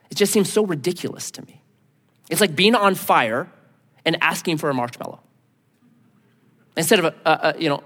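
Middle-aged male pastor, slightly high voice, animated conversational sermon, echoing church hall. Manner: animated, conversational, acts out quotes in a raised voice.

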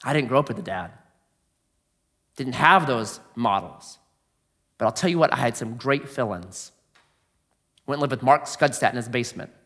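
A man preaching a sermon in a conversational way, asking rhetorical questions and swinging from loud emphasis to quiet asides. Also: animated, moderate pace, long pauses. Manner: swings between booming emphasis and hushed, low asides. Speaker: pastor.

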